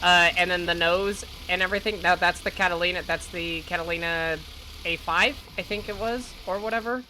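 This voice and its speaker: A woman's voice: on the low side, a little fast, low-quality recording. A woman streamer giving casual gameplay commentary, rambling and correcting herself as she goes. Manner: rambling, self-correcting, laughs often. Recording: steady background noise.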